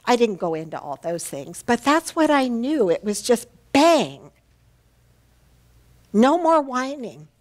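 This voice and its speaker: A woman's voice: fairly high pitch, very animated, slow pace. A woman minister giving a Sunday sermon, telling a personal story in a heartfelt, earnest way. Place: church sanctuary.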